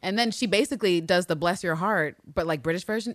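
Lively, foul-mouthed woman podcast co-host. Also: lowish voice, a little fast, few pauses, no echo, studio quality. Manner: animated, profane, acts out characters' lines in put-on voices. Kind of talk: casual TV recap chat.

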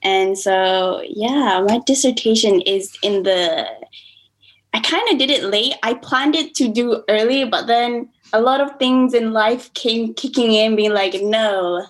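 A woman's voice: a little high, a little slow, rough recording. A woman in her twenties with a slight American accent, a student chatting as a podcast guest, often quoting herself and laughing easily. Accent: American-tinged. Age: 20s. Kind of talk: casual conversation.

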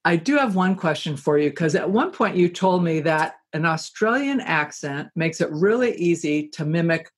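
A woman's voice: lowish voice, lively intonation, moderate pace, hardly any pauses. A woman hosting an interview, asking curious, probing questions. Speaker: host.

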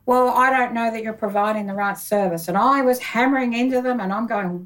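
Woman, bookkeeper, lively storyteller, somewhat high voice, mic a bit distant. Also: fairly quick, few pauses. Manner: animated storyteller, acts out her own past dialogue. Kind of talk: conversational interview storytelling.

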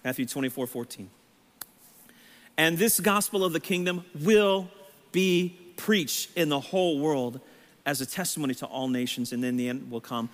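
A man preaching a sermon, his voice scratchy and strained, building to shouted emphasis with rhetorical questions. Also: on the high side, moderate pace. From Texas. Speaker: pastor. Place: church sanctuary. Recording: long hall reverb.

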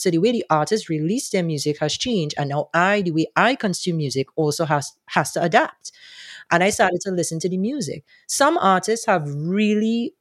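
A man answering interview questions, thoughtful and animated, often restarting his sentences. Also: on the high side, no echo, clean studio sound. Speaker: guest, soca music commentator.

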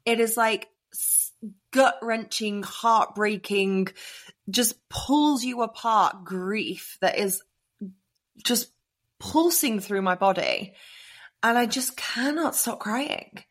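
Animated British woman telling her story. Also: a little high, takes it slowly. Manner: animated, acts out her own past thoughts in quotes. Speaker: podcast guest. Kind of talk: candid personal storytelling.

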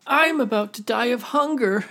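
A man's voice: very high voice, moderate pace, sharp tone, pitched above the performer's own voice, heavily acted. A man voicing a hungry, crafty male raccoon in a storybook tale, speaking in a raised, strained, complaining voice. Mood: loud, plaintive.

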